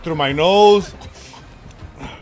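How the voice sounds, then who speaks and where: A man streaming a horror game, reacting excitably with lots of laughter and panicked yelps. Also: on the high side, slow pace, faint music behind. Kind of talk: reacting to gameplay.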